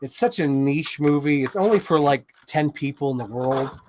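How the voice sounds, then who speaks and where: A man hosting a toy unboxing show in casual chat, rambling excitedly and swearing freely. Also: on the high side, normal speed, slight background noise.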